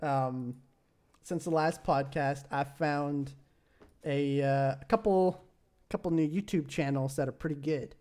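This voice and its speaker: Hesitant man with a slightly higher voice. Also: measured pace, darkish tone. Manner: hesitant, many fillers, laughs. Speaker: podcast co-host. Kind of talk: casual chat.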